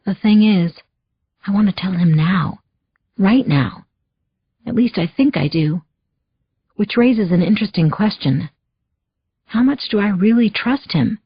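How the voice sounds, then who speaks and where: A woman narrating a first-person thriller audiobook in a measured, wry inner-monologue voice. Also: mid-range voice, lively intonation, breathy edge, no echo. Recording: dull lo-fi dry audio.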